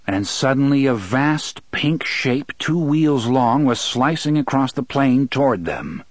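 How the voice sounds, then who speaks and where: A man reading a novel aloud in steady, measured storytelling narration. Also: mid-range voice, no room sound. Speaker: audiobook narrator. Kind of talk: scripted narration.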